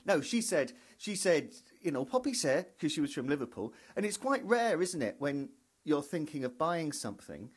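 A man tells a rambling comic story on his podcast, mocking his own motives as he goes. His voice sits a little high and moves around a lot, and he acts out the people he meets in quick little scenes. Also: sing-song, breathy edge. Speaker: comedian podcaster.

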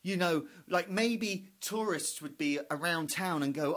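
Rambling male stand-up, fairly high, incredulous comic monologue. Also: a little slow, a bit bright. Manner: incredulous, spiralling hypotheticals. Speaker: stand-up comedian.

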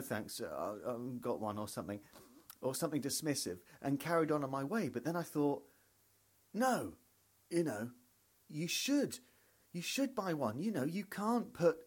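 A man's voice: a little high, slightly rough. A man telling a rambling, self-mocking comic story on a podcast, acting out little scenes as he goes. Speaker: comedian podcaster.

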